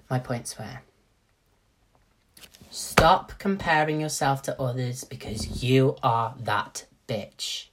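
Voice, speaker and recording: A man's voice: medium pitch, slow pace, pauses often, background noise. A young man hosting a casual solo podcast, talking animatedly, swearing freely and acting out what his friends would say. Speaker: podcast host.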